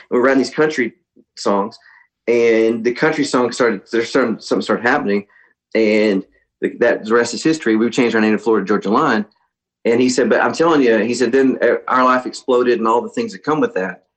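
Animated man telling a story. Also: mid-range voice, rough recording. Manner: animated storyteller, mimics others in a raised voice. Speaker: guest musician. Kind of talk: casual storytelling interview.

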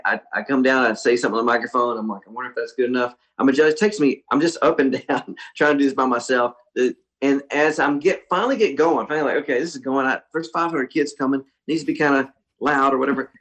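A man's voice: mid-range voice, poor audio. A man telling a long story in casual chat, acting out the voices of the people in it. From Texas. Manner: animated storyteller, acts out voices of people in his stories. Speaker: guest musician.

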